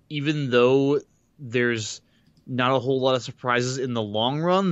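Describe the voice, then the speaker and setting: A man's voice: medium pitch, fairly bright tone, clean tone, no room sound, highs cut off. Rambling man recapping a book on a podcast. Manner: loose and rambling, with restarts and casual swearing. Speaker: podcast co-host. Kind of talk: casual chat recapping a book.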